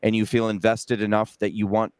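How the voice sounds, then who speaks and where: A man hosting an interview, talking earnestly with many halting restarts. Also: on the low side, level tone, darkish tone, clean tone, no room sound. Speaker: interviewer and host. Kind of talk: emotional interview talk.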